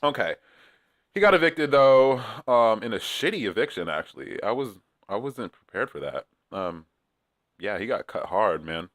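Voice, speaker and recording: A man's voice: medium pitch, a bit bright, no room sound, clean studio sound. A man chatting casually in a rambling, profane way, with many fillers, as he recaps a reality show. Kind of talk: casual chat.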